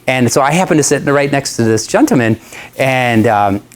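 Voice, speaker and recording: A man speaks to an audience as a guest, telling a long personal story. His voice sits in an ordinary middle pitch. He talks in a loose, chatty, animated way and breaks into laughter often. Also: moderate pace.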